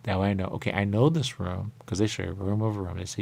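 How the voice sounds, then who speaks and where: A man hosting a radio show, rambling through a spiritual monologue with a repeated refrain and sudden high voices when he quotes others. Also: steady tone, fast talker, gravelly, a little mellow. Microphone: radio studio mic.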